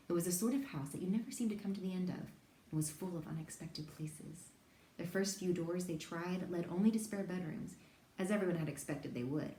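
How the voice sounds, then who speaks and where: A woman reading a children's novel aloud, telling it gently and with lively voices for the children. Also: low-pitched. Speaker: reader. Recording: echoey room, faint background hiss.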